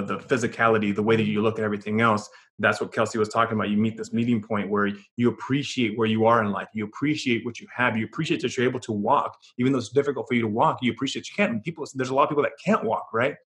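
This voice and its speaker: A man's voice: on the low side, steady tone, fast talker, a bit bright. A man co-hosting a podcast in casual chat, earnest and motivational, often restarting his sentences. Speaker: podcast co-host.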